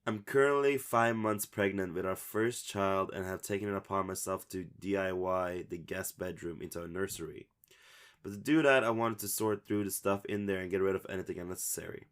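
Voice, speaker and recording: A man's voice: sits low, brisk, a bit bright. A man co-hosting a casual podcast, chatting, laughing often, swearing casually and reading a story aloud. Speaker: podcast co-host.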